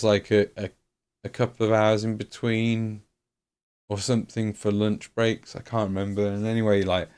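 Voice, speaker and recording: A man's voice: lowish voice, darkish tone. A man streaming, telling a rambling story with lots of swearing and fillers. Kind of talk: casual storytelling.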